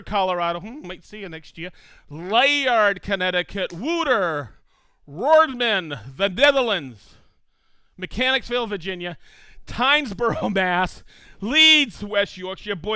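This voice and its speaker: A man's voice: very high-pitched, sharp tone, smooth, no room sound. A man hosting a live stream, reading out viewers' hometowns with upbeat enthusiasm and frequent laughs. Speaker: livestream host.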